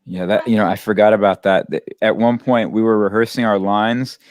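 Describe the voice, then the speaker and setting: A man actor guesting in an interview over a video call, relaxed and halting with lots of fillers. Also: fairly low pitch, dry recording, studio quality. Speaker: theatre company actor.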